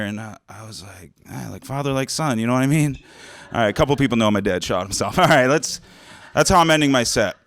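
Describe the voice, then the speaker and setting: Profane, low-voiced stand-up comic man. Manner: dark, profane, self-deprecating jokes. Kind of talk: stand-up riffing.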